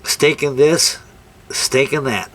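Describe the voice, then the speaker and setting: A man's voice: medium pitch, takes it slowly, a bit bright, slightly rough. An older man chatting casually while building a scale model, telling rambling folksy stories. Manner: rambling, folksy anecdotes with ungrammatical turns. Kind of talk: casual workshop chat and storytelling.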